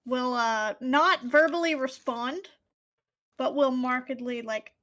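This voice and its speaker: A woman chats casually at a tabletop game, asking about rules and thinking aloud. Her voice sits high. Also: slow pace, fairly bright tone. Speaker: player.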